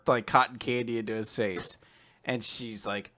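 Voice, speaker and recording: A man with a medium-pitched voice and a slightly slow delivery co-hosts a laid-back manga recap podcast. He animatedly recounts scenes and acts out characters' lines in over-the-top voices.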